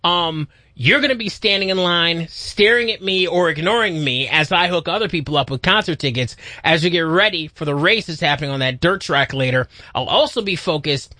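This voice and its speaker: A man's voice: on the high side, lively intonation, moderate pace, hardly any pauses, bright, forceful tone, dry recording. A man co-hosting a morning radio show in casual chat, joking at himself and tripping over his words from a studio mic. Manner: chatty, self-mocking, stumbles over words. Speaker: radio co-host. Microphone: close studio mic.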